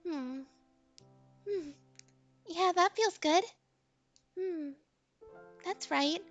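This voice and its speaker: A breathy, very high teenage girl from a visual novel teases in a slow, hushed whispered role-play, as a woman puts her on. She sounds bright and coaxing, and quiet music plays beneath her. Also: exaggerated voice. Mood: teasing.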